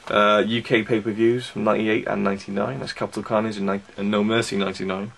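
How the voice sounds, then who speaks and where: A man's voice: on the low side, flat delivery, fast, creaky, fairly bright tone, slight background noise. A young man giving a casual, chatty review of wrestling DVDs, enthusiastic and full of fillers. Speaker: DVD reviewer.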